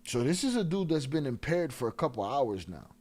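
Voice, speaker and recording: A man hosting a live stream, telling a profane, animated story in a casual way and laughing along. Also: medium pitch, a little fast.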